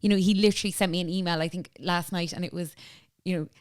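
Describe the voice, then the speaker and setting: A chatty Irish woman talking business on a podcast, her voice a little low for a woman. She is animated and retells conversations as she goes, recorded close and dry. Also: quick pace, smooth, no echo. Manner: chatty, animated, lots of fillers and quoted dialogue. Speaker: entrepreneur guest. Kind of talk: casual interview conversation.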